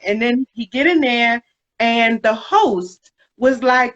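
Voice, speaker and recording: A woman's voice: a little high, measured pace. Chatty woman hosting a live chat. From United States. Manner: chatty, animated, laughs often. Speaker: podcast host. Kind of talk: casual live interview chat. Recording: dull lo-fi livestream audio.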